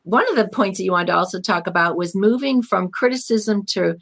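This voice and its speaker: A woman's voice: medium pitch, brisk, fairly bright tone. A woman hosting a podcast interview, agreeable and laughing along with her guest. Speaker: podcast host.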